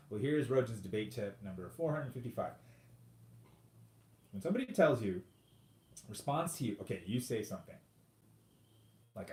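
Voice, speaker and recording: A man's voice: medium pitch, fairly quick, pauses often, darkish tone. A man hosting his own podcast, talking solo in a rambling, sarcastic and profane way. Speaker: podcast host. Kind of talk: casual solo podcast monologue. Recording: roomy echoey home recording.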